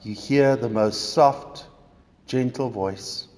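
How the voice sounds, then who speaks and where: Slow, dramatic preacher. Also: male voice, medium pitch, a little mellow. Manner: dramatic storytelling in second person. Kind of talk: sermon. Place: church. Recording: echoey church reverb.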